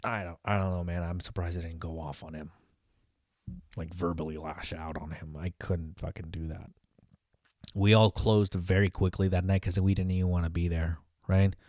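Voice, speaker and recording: A man's voice: deep voice, fairly even intonation, normal speed, darkish tone, no echo, clean studio sound. A man who works as a line cook, telling a story in a casual, profane, venting way.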